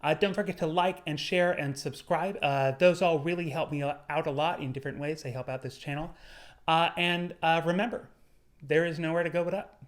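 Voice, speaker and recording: A young man talking to his viewers in an earnest motivational monologue, his voice sitting a little high for a man. He paces it out and lingers on the words he wants to land. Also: steady tone. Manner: earnest, measured, slowing on key words. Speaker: YouTuber.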